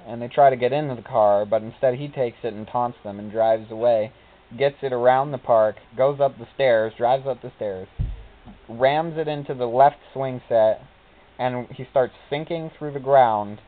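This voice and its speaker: A man's voice: mid-range voice, fairly even intonation, normal speed. A man giving casual gameplay commentary, telling rambling stories and quoting characters in silly voices. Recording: tinny phone-like recording.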